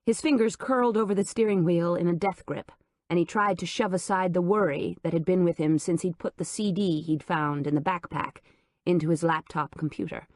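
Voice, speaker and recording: A woman narrating an audiobook in a measured, low-key manner on a close studio mic. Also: darkish tone, dry recording. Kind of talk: scripted narration.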